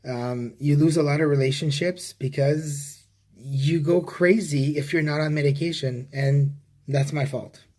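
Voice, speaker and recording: A man speaking to camera in a rambling personal confession, halting with many restarts and casual swearing. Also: on the high side, fairly even intonation, darkish tone. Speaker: vlogger.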